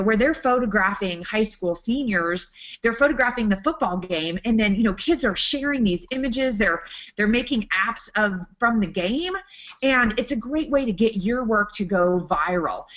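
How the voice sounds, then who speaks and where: A woman talks through business tips in a chatty, enthusiastic way. She restarts her sentences often as the ideas come to her. Her pitch sits in an ordinary middle range for a woman. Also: a bit bright. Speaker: guest speaker, photographer. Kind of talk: webinar talk.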